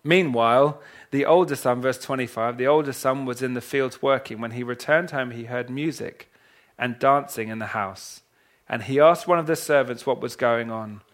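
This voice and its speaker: A man preaching a sermon, retelling a parable in a dramatic way that swings from hushed to loud. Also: medium pitch, normal speed. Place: church hall with a congregation.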